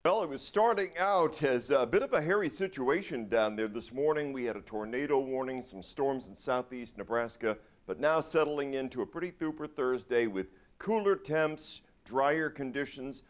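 A man giving a weather forecast in a relaxed, conversational way, with the odd filler. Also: medium pitch, moderate pace.

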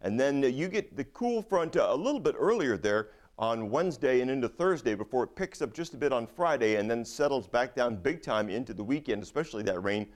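A man's voice: medium pitch, expressive, fairly quick, few pauses. A man giving a conversational weather forecast, with a few fillers.

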